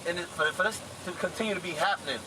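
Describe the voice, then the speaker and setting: Talking rapid-fire in a high voice, a young man in his twenties urges a crowd outdoors at a rally, passionately and repetitively pressing his points. Street sounds and a loud crowd are audible throughout.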